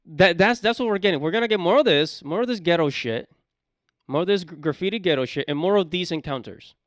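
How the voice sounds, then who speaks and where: A man from the United States reacts to a video in loud, casual commentary, cursing freely. His voice is higher than most men's and swings widely in pitch. The sound is dry and close. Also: fast talker, no room sound. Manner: loud, animated, swearing freely.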